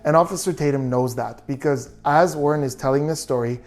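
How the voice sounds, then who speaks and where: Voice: mid-range voice, brisk, darkish tone, faint music behind. A body language analyst giving true crime video commentary, reasoning through details and asking many questions.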